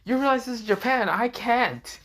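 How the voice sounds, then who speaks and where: Guy doing a chill cocky young dude who swears a lot, bright voice, read like a fan story. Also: very high voice, normal speed, pitched above the performer's own voice. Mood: laid-back. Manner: laid-back, cocky, swears casually. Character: laid-back young man, cocky and crude.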